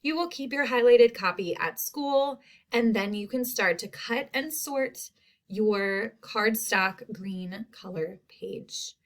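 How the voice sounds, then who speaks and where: Slow, clear-speaking woman teacher. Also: medium pitch. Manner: slow, clear word-by-word enunciation. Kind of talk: recorded spelling lesson for young students.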